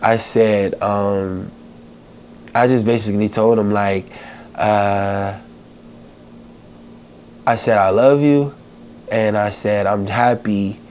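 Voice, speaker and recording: A man hosting a podcast, telling a heartfelt personal story in a halting way, with many pauses and fillers, holding back tears. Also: on the low side, steady tone, darkish tone, a little hiss or hum. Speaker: podcast host.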